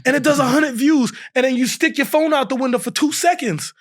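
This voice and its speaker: A man's voice: very high voice, a little fast. A man guest on a podcast telling a funny story in casual talk, laughing often and acting out what others said. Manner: animated, laughs often, acts out quotes.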